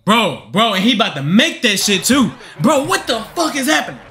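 A man's voice: high voice, very animated, brisk, sharp tone. A young man giving angry, profane gameplay commentary, ranting at the game and the referees. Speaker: gaming channel host.

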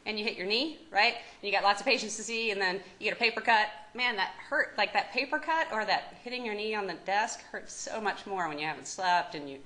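A woman's voice: medium pitch, sharp tone, poor audio. A woman with a Kentucky accent giving a medical lecture as a psychiatry professor, talking conversationally, joking and asking the audience questions. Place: lecture room.

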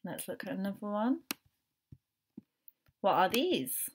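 A woman leads a phonics lesson for young children at a very unhurried pace. She sounds out each letter one at a time, then blends them into the word. Her voice sits at an ordinary middle pitch for a woman. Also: big pitch swings, a little hiss or hum. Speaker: teacher.

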